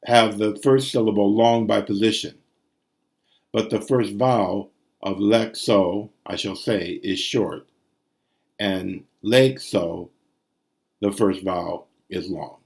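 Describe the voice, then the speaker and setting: Slow, methodical low-voiced male teacher. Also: vocal fry, darkish tone. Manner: methodical, sounds out syllables and rhythms aloud. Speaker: Greek teacher. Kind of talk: recorded language lesson.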